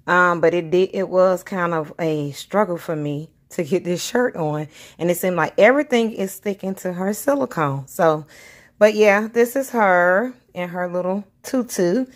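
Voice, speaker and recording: A doll collector vlogger with a lowish, slightly slow voice chats casually with her viewers, calling them "y'all," as she unboxes a doll indoors at home by a window.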